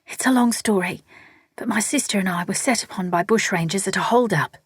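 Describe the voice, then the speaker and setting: A woman's voice: mid-range voice, brisk, husky, no echo, clean studio sound, close to an everyday voice. A woman reading an audiobook, voicing a scared but indignant young woman who speaks tetchily. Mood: impatient. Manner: tetchy and impatient. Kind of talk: audiobook character voice.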